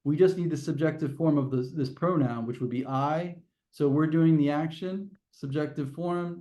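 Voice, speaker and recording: Mellow-voiced male grammar teacher. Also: fairly high pitch, normal speed, hardly any pauses. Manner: explains step by step, restarts phrases, asks the class questions. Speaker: test prep teacher. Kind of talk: classroom grammar lesson.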